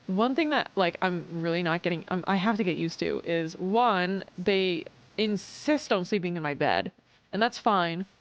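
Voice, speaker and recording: A woman's voice: on the low side, lively intonation, normal speed, lo-fi sound. A woman streaming live, chatting casually with viewers, reading chat aloud and swearing as she acts out customers.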